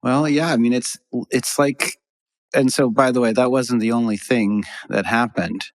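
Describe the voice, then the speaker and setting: A man's voice: medium pitch, fairly even intonation, moderate pace. A man hosting a podcast, telling a rambling story in casual conversation, often restarting his sentences. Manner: rambling, self-interrupting storyteller. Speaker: podcast host.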